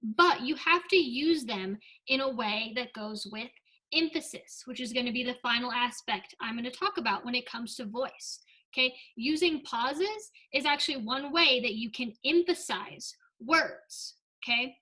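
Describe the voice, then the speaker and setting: A woman's voice: a little high, a little slow, pushed and bright, rough recording. A young woman giving an upbeat speech and debate lesson, often checking in with "right?" and "okay?". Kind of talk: instructional talk with comic asides.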